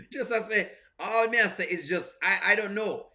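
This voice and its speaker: Bright, high-voiced man with a strong accent, lively stream host reacting to skits and reading chat. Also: moderate pace. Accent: strong non-standard English accent. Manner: animated, repeats himself, greets chat. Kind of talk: live-stream reaction commentary.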